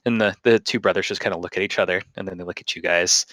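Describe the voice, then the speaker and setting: A man's voice: low-pitched, steady tone, fast talker, a bit bright, dry recording. A man narrating as game master on a live stream, rambling and self-deprecating with many fillers.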